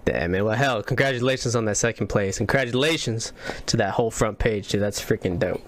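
A man's voice: on the low side, fairly quick, slight background noise. Laid-back male podcast host. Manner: laid-back, eager interviewer with slangy banter. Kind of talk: casual podcast chat.

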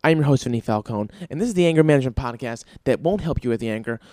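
A man's voice: medium pitch, expressive, rapid-fire, dark tone, no room sound. A man hosting his own podcast, ranting with heavy swearing in an exasperated comedic monologue. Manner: profane, exasperated rants. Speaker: podcast host.

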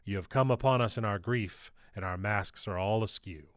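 A courteous old troupe leader, played by a man reading the story, speaks with a deep, practised theatrical voice. His tone is florid and calm, pitched low. The sound is close and dry. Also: moderate pace, no echo, close to an everyday voice. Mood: courtly. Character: calm white-haired old male stage player.

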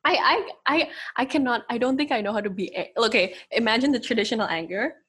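Woman, breathy voice, casual chat, laughs often, thoughtful. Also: fairly high pitch, lively intonation, quick pace, a bit bright. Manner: giggly, reflective, laughs often.

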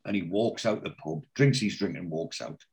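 A man's voice: sits low, normal speed. A man in casual podcast chat, retelling a TV episode scene by scene, quoting the dialogue and swearing freely. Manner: animated storyteller, slips in and out of quoted lines, swears casually. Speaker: podcast co-host recapping a TV series.

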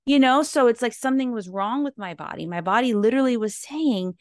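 A woman's voice: fairly high pitch, brisk, hardly any pauses, a little mellow, no echo, clean studio sound. A woman hosting a podcast, chatting casually with a guest in an enthusiastic, rambling way. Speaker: podcast host. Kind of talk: casual interview chat.

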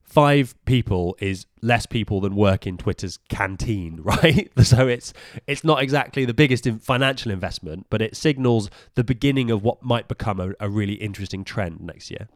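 A man's voice: on the low side, moderate pace, few pauses, no echo, studio quality. A British man co-hosting a podcast, chatting in a jokey way and explaining tech news. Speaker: podcast co-host. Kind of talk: casual tech chat.

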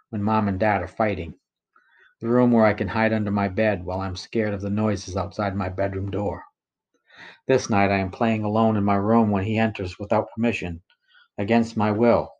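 A man reading his own first-person account aloud in a measured, somber way. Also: fairly low pitch, darkish tone, lo-fi sound. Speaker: narrator of his own story.

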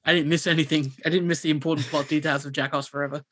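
A man, co-hosting a podcast and telling a story in a rambling, animated way with many restarts. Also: on the high side, rapid-fire, slightly rough. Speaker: podcast co-host. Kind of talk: casual chat, storytelling.

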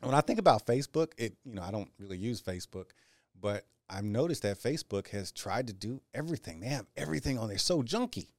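Man, podcast host, laid-back and joking, lively pitch, dry close sound. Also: fast, dry recording. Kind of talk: casual chat.

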